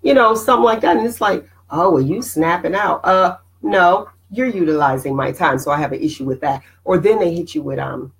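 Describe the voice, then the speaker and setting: A middle-aged woman hosting a casual motivational live stream, animated and preachy, greeting viewers by name. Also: on the low side, brisk, hardly any pauses, low-quality recording.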